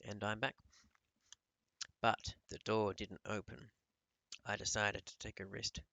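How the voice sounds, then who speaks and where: A male teacher reading a novel aloud to his pupils in a calm storytelling voice. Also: on the low side, unhurried, vocal fry, no echo, low-quality recording.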